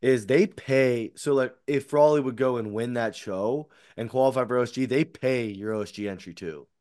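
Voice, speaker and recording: A man chatting on a podcast in a rambling, easygoing way, restarting his sentences and leaning on fillers. His voice sits at an ordinary middle pitch, recorded dry and close with no room sound. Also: moderate pace, a little mellow, no echo. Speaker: podcast co-host. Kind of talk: casual chat.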